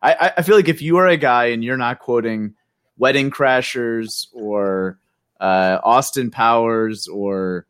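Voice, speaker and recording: A man's voice: medium pitch, unhurried, a bit bright, clean tone, no echo, clean studio sound. A man co-hosting a casual podcast, rambling and hesitant with many fillers. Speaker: podcast co-host. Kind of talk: casual chat.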